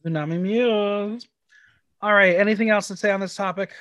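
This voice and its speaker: A man with a fairly high voice leads a casual podcast chat, stumbling through quick restarts as he talks. He is recorded close and dry, with almost no room sound. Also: fairly even intonation, a bit bright, no room sound. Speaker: podcast co-host.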